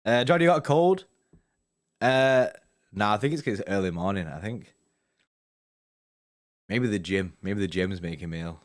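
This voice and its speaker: A man's voice: fairly low pitch, normal speed, long pauses. Young guy on a fan stream, laid-back banter, lots of mate and innit. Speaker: football fan channel host. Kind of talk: casual live-stream chat reading viewer comments.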